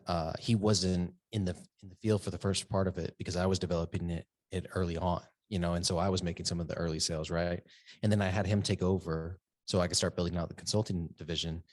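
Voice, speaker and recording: A man's voice: low-pitched, no echo, studio quality. A man hosting a casual conversation, talking loosely with many fillers like "you know what I mean". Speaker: podcast host, business owner. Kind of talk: casual chat.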